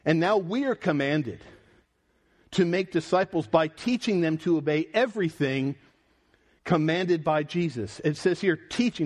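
A man's voice: on the high side, measured pace, darkish tone. A man preaching a sermon in an earnest, emphatic way, his voice rising and falling for emphasis.

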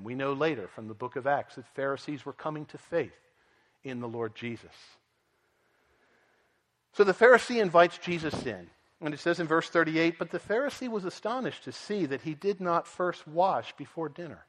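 A man delivering an earnest expository sermon with a slightly higher voice. He now and then acts out the people in his story with dramatic emphasis, and his words ring out with a long reverb from a large hall. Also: animated, normal speed, pauses often, fairly bright tone. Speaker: pastor.

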